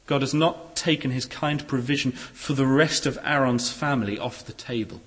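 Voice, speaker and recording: A man preaching a sermon in a church hall, expressive, with shifting pace and loudness. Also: mid-range voice, normal speed. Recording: echoey hall.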